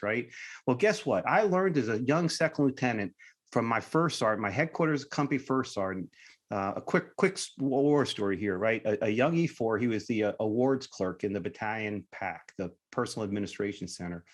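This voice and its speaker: A man's voice: on the low side, lively intonation, a little fast. A middle-aged man, a retired Army officer, talking bluntly in a casual podcast conversation and telling war stories, swearing and tagging "right?" onto his points. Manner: blunt storytelling, swears freely, keeps asking "right?".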